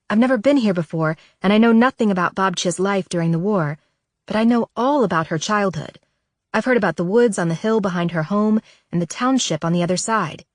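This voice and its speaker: A woman narrating a novel in the first person, measured, soft and reflective, at a close studio microphone. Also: on the low side, no echo. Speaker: audiobook narrator.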